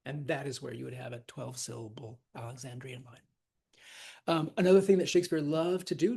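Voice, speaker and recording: Husky teacher going slow through a verse lecture, chatty with lots of ums. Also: medium pitch, mellow. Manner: loose, chatty, with fillers and asides; counts out stresses in sing-song syllables.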